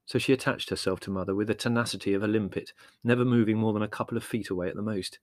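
A man narrating an audiobook in a wry, measured storytelling manner. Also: on the low side, fairly even intonation, no echo, clean studio sound.

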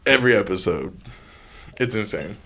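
An animated young man chatting on a casual podcast, his voice swooping up and down as he jokes and laughs. He speaks close to a studio mic with a loose, slangy manner. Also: moderate pace. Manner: animated, laughing, slangy, jumps high in pitch. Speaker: podcast co-host. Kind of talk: casual chat.

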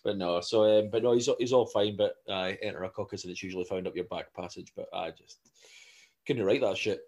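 A Scottish podcast co-host in his thirties chats casually, telling animated stories full of laughter and swearing. His voice is deep and his pace brisk.

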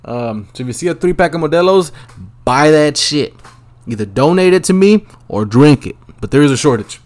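A man's voice: on the high side, expressive, moderate pace. Young dude rambling on his podcast, swearing constantly, super laid back. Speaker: podcast host. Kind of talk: casual solo rambling podcast. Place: Los Angeles, at home.

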